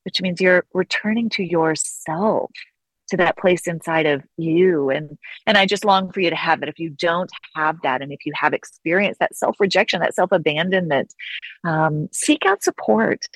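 Low-voiced earnest woman guest. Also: no echo, poor audio. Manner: earnest, reflective, slows down to stress key phrases. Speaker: guest author and counselor. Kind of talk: conversational interview.

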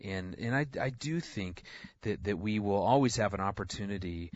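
A man's voice: lowish voice, expressive, moderate pace, highs cut off. A man, a guest on a radio show, speaking earnestly about parenting, with frequent restarts. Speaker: guest, marriage and family counselor. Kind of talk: radio interview.

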